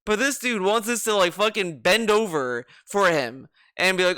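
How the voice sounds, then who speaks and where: A sarcastic man talks through his reaction in a rambling, casual way. His voice sits high, bright and crisp. He keeps repeating himself as he argues each point. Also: animated, moderate pace, hardly any pauses, no room sound, studio quality. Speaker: streamer reacting to a video.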